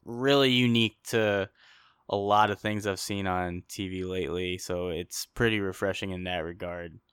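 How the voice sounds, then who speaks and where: A man's voice: low-pitched, steady tone, normal speed, a bit bright, clean tone, no echo, studio quality. A young man co-hosting a podcast, chatting casually in a rambling, jokey way and laughing often. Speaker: podcast co-host. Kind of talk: casual chat.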